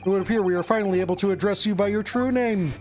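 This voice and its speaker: A man's voice: high-pitched, very fast, a little mellow, soft background music, close to an everyday voice. A man reading a grandiose, triumphant detective. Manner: grandiose, formal read-aloud delivery. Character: brilliant, theatrical male detective.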